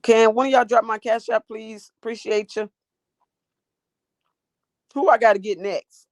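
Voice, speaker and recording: A woman hosting a livestream from her phone rants at her chat, profane, combative, and sassy. Her fairly high voice has fairly even intonation and a slightly slow pace, with no room sound.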